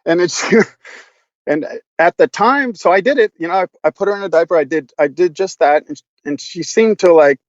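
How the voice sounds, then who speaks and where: A man's voice: high-pitched, moderate pace, no room sound, muffled recording. A man guesting on a podcast, telling stories casually, laughing a lot and swearing freely with many restarts. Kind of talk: casual storytelling.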